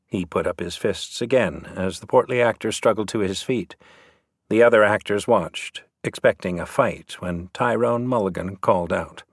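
A man reading a novel aloud as narrator, lively storytelling. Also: fairly low pitch, moderate pace, no room sound, studio quality. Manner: lively storytelling, voices the characters. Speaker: audiobook narrator. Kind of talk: scripted narration.

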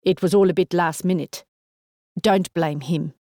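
A serious South African man speaks in a measured, sombre way, voiced by a woman narrator. His tone stays low and mellow, with a dry, close sound. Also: fairly even intonation, no echo.

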